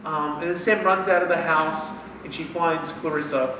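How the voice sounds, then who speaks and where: A man with a somewhat high voice recaps a book in casual conversation and swears freely. He sounds far from the mic in a very echoey room with faint noise behind him. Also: fairly even intonation, moderate pace, bright, forceful tone. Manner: profane, retells plot acting out characters' lines. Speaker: podcast co-host. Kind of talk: casual book-review chat.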